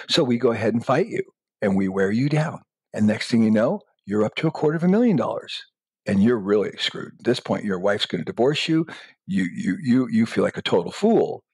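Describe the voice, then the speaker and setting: A middle-aged entrepreneur, appearing as an interview guest, answers emphatically with blunt, step-by-step advice, acting out quoted dialogue in raised voices. His mid-range voice is a bit mellow with a breathy edge, recorded with no echo.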